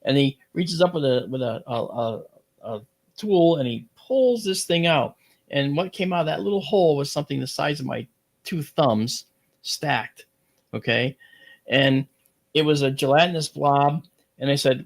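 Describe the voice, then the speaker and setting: Gravelly man telling a story. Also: on the high side, normal speed. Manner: lively, rambling delivery with many fillers and restarts. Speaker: radio show guest. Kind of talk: animated personal storytelling.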